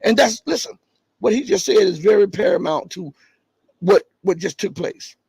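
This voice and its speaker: A man with a high, husky voice hosts a live stream from his home setup. He reads viewer chat and comments on it with emphatic, rising stresses, and turns low and offhand between points. The sound is dry and close. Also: animated, moderate pace, a little mellow, dry recording. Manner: emphatic, rises in pitch to stress points, then drops low and casual reading chat. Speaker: livestream host.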